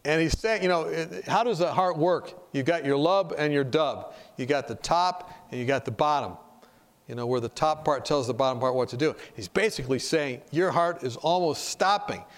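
A man's voice: on the high side, moderate pace. A man preaching in a conversational way, telling stories and asking his listeners questions. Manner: direct, storytelling, asks the audience questions. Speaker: preacher teaching a class.

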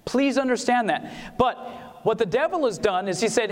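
At a Christian music seminar, a man delivers an emphatic, preaching-style lecture on music, quizzing his audience and singing short examples. His voice sits high and is expressive, moving a little slowly, and a long hall reverb trails after it.

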